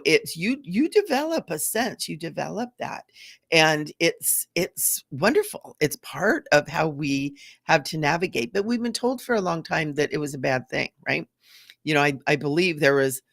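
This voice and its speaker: A woman's voice: low voice, vocal fry, a bit bright, no echo, clean studio sound. A middle-aged woman hosting a live stream as a psychic medium, talking in an earnest, chatty way with fillers and restarts and greeting viewers. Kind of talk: casual live-stream talk.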